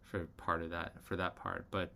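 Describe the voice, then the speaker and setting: A man's voice: low-pitched, flat delivery, moderate pace, vocal fry, pushed and bright. A man co-hosting a podcast in casual chat, agreeable and easygoing, filling gaps with ums as he thinks. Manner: agreeable, many fillers and restarts. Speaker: podcast co-host.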